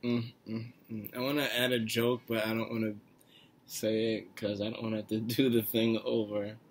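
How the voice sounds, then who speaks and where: A man's voice: on the low side, level tone, moderate pace. A man off to the side adding a few hesitant, casual comments. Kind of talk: casual aside.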